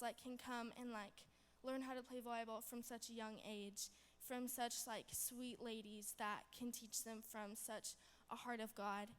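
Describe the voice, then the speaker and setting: A high-voiced young woman gives a rambling, bubbly testimony to a chapel audience, filling her sentences with "like" and "um". Her voice carries a long hall reverb. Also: clean tone. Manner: bubbly, rambling, many fillers. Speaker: student giving testimony.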